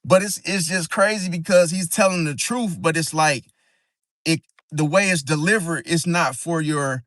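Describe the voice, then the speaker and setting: A man talking casually about astrology in a loose, slangy ramble. His voice sits on the high side for a man. The sound is close and dry, with no room around it. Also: moderate pace, fairly bright tone, no room sound. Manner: slangy, rambling, acts out quoted friends. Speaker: zodiac vlogger.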